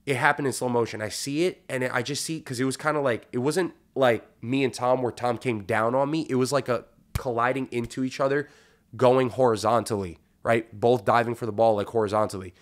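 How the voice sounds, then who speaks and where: A man hosting a podcast, telling a long story in a casual, profane, animated way and acting out what people said. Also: mid-range voice, brisk. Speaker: podcast host.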